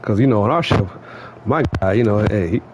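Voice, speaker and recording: A man's voice: on the low side, a little fast, noisy background. Man venting animatedly inside a vehicle. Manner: animated, rambling, repeats "you know what I mean". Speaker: vlogger. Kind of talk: casual venting story.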